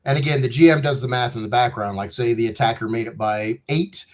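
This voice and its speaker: A man's voice: medium pitch, a little fast. A man in his fifties, a game designer talking through a video call, rambling and joking with digressions. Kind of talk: casual interview chat.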